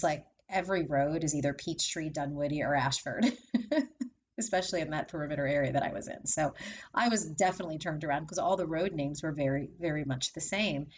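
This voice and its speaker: A woman's voice: sits low, slight background noise. A middle-aged woman telling a heartfelt personal story in a chatty way, laughing often between lines. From from Maryland area.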